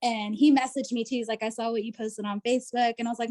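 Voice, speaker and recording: A woman's voice: on the high side, steady tone, fairly quick, dark tone. A woman guest telling a personal story on a video call, chatty and full of fillers. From United States. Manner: chatty, full of "like" and "you know". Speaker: interview guest.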